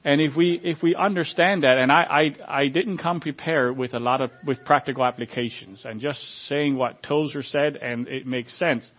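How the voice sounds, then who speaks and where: A man giving an informal sermon in a conversational way, often restarting his sentences and filling pauses with ums. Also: medium pitch, highs cut off. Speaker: preacher.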